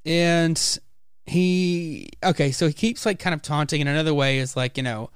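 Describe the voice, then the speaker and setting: A man's voice: fairly high pitch, moderate pace, smooth, no echo, studio quality. A man hosting a casual podcast about comics, animatedly retelling scenes and acting out the characters' lines. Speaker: podcast host. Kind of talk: casual comic book discussion.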